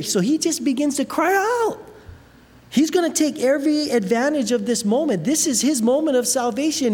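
Animated preacher in an echoing hall. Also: sits high, fairly quick. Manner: animated storytelling, many fillers. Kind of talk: sermon. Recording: long hall reverb, faint noise.

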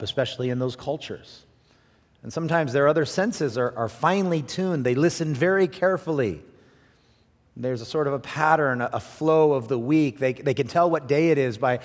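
A man preaching a sermon, animated, swinging from raised emphasis to quiet asides and often repeating words as he thinks aloud. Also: mid-range voice. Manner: animated preaching, rising and dropping to near hush for emphasis. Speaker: pastor. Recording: long hall reverb.

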